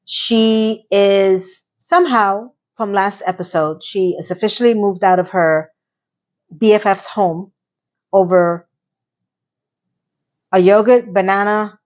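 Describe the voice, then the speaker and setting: A woman casually recapping and reviewing a TV episode, animated and sarcastic, swinging between loud and soft. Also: medium pitch, unhurried, pauses often, muffled recording. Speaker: TV review vlogger.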